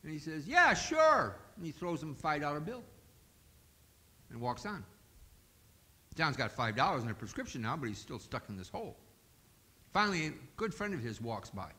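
A man's voice: fairly high pitch, sing-song, brisk, pauses often, sharp tone. A male pastor preaching a sermon in a folksy, joking storytelling manner in a church.

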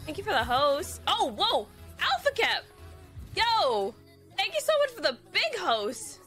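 A woman's voice: extremely high pitch, wildly swooping pitch, a little slow, sharp tone, soft background music. A woman streamer chatting with her viewers and thanking them effusively. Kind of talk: live stream chat.

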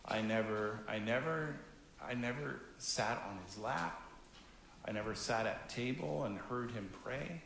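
A Canadian pastor in his fifties talks warmly and plainly to the children up front, taking his time between phrases. His voice sits in a mid range and carries through an echoing sanctuary. A faint hum hangs beneath it. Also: medium pitch, unhurried, creaky. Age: 50s. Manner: gentle, conversational, talks directly to children. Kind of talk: children's message in a church service. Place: church sanctuary.

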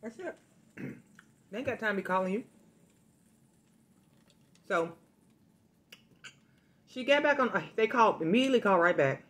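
A woman hosting a casual food vlog, talking straight to her viewers and telling a story in a lively, chatty way. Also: medium pitch, normal speed, long pauses. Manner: chatty, addresses viewers directly, animated storytelling. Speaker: food vlogger.

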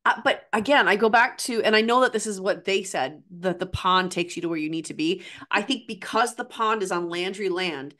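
A middle-aged woman co-hosting a casual fan podcast, animated and acting out characters' lines as she talks. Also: mid-range voice, brisk, few pauses. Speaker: podcast co-host.

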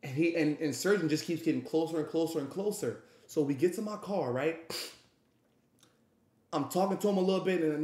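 Male streamer, brash rambling storyteller, curses a lot, higher-pitched voice, echoey room. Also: a little fast, a little mellow. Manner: profane, rambling, acts out quotes. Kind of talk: animated storytime.

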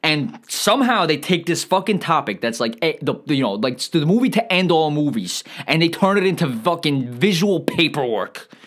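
A man's voice: a little high, big pitch swings, normal speed, a bit bright. A man delivering a comedic movie rant, rambling and exasperated, full of profanity. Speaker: comedic ranting reviewer.

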